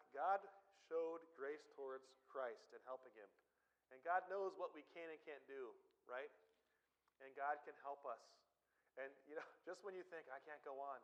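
A man's voice: a little high, low-quality recording. Conversational man preaching a sermon. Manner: conversational preaching with personal stories. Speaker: pastor.

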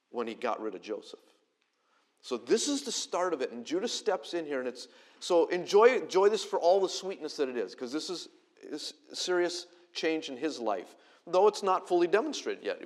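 A middle-aged man preaching a sermon in a church auditorium, conversational and animated, with self-deprecating asides. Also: mid-range voice. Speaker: pastor.

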